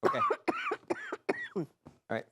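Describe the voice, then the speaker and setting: A man runs the next game in a studio, chatting loosely and laughing. His pitch swoops widely, and noise hangs behind his voice. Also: huge pitch swings, extremely slow. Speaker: show organizer. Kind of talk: casual backstage chat.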